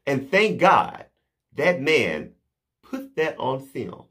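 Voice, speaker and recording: A man delivering an impassioned, indignant monologue to camera, slow and emphatic with pauses. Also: medium pitch, big pitch swings, fairly bright tone, husky. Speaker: vlogger.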